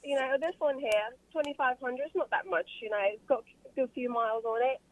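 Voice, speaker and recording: A rambling male used car salesman, improvised by a British woman on a call-in. Her voice is high and her lines ramble on with laughing ad-libs. The sound comes through a dull, muffled phone line. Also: fairly quick, a little hiss or hum, lightly acted. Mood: pushy. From Britain. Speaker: caller. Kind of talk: improvised radio acting.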